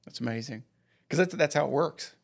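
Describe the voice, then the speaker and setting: A man's voice: on the high side, brisk, gravelly. Affirming male podcast host. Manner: affirming, chuckling interviewer. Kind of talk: conversational podcast interview.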